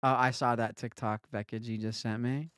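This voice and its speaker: A young man live-streaming a game, his voice sitting at an ordinary middle pitch. He talks loosely and jokingly to his chat, teasing viewers and tossing off quick asides while he plays. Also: little pitch movement, a bit bright, clean tone, no room sound.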